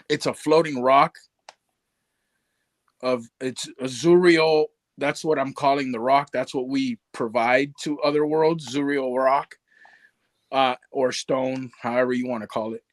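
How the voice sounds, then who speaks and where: A man talking as a guest on a live stream, telling a story in a relaxed way and quoting his friends. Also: medium pitch, unhurried, dry recording. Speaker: toy collector guest. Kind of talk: casual chat on a live stream.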